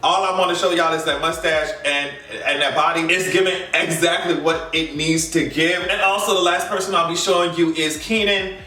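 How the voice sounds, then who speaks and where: A bright, high-voiced man riffs through celebrity gossip with sassy asides, often breaking into laughter. He sits some way from the mic, and the room lends a hollow echo. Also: fairly even intonation, moderate pace, far from the mic. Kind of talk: casual pop-culture commentary.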